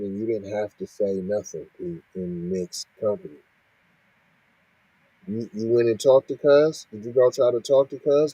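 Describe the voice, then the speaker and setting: A man reads out news and keeps cutting in to scold, firing off rhetorical questions. His voice is dark and husky. It is recorded dry and close. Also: mid-range voice, no echo, muffled recording. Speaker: podcast host reacting to news. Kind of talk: reading and ranting commentary.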